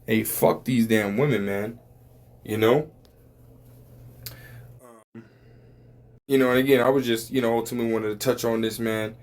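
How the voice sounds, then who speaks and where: Man, casual religious talk, rambling, profane, lots of fillers, middle pitch. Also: steady tone, moderate pace, pauses often, a little mellow.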